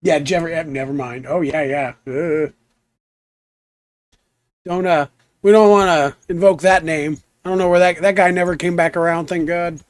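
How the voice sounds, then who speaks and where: A young man chatting in a relaxed, rambling way while streaming a game, trailing off into asides. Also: a little high, moderate pace, no room sound. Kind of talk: relaxed live stream chat.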